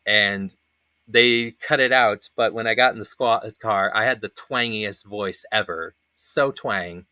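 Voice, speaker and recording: A man's voice: medium pitch, bright, forceful tone, no room sound. A man in his thirties hosting a casual panel chat, telling rambling stories with lots of fillers and frequent laughter. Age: 30s. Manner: laughs often, rambling anecdotes with many fillers. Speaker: panel host.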